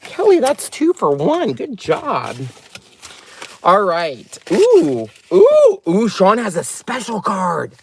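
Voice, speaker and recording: Excitable guy vlogging from his car, voice swinging way up and down, keeps cracking up. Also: high voice, slow, slight background noise. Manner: excitable, giggly, dramatic. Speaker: crafting channel host. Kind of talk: casual unboxing vlog. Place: inside a parked car.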